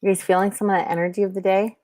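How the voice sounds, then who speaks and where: A woman's voice: medium pitch, little pitch movement, very fast, a little mellow, no room sound, studio quality. A middle-aged woman hosting a livestream, chatting casually with viewers and giving intuitive readings, rambling with many fillers and restarts.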